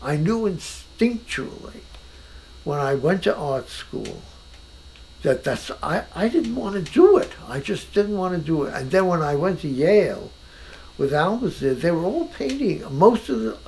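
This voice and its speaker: An older man talks in a relaxed conversation in his own house. His voice is rather high and gravelly, and its pitch swings widely. He speaks emphatically and often restarts his thoughts. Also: normal speed, a little hiss or hum, rough recording. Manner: animated, emphatic, with many restarts. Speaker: painter being interviewed. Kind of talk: casual conversation.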